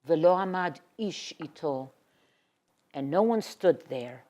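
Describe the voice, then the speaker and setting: A woman giving a Torah lecture. She reads Hebrew verses and then translates them, sinking to a hushed whisper on emotional words. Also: low-pitched, lively intonation, slow pace. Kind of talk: expressive Bible lecture.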